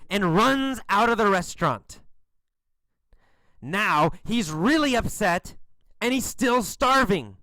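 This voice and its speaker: Slow, expressive storyteller, a man. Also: high voice, no room sound. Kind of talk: slow scripted narration for English learners.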